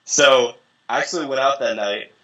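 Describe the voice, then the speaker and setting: Bright-voiced young man telling stories. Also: mid-range voice, moderate pace, dull audio. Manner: animated, profane, acts out quoted voices. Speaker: interview guest, dating coach. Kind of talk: casual storytelling.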